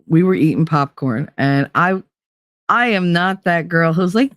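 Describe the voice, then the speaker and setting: A livestream host, a woman with a New Jersey accent, chats casually and reads out viewer comments in a very animated, emphatic style full of inflection. Her voice sits on the low side and moves at a normal speed, captured in studio quality with no echo.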